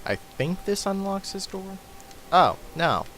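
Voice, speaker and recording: A man casually commentating his own gameplay, thinking aloud and halting with frequent ums. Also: sits high, big pitch swings, fairly bright tone, a little hiss or hum. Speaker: let's play host playing the game.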